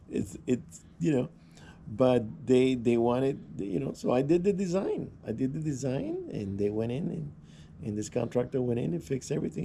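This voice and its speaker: A man's voice: mid-range voice, lively intonation, normal speed, gravelly, mellow, a little hiss or hum. A man vlogging, telling rambling anecdotes in a casual way, with restarts and chuckles. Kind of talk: casual storytelling.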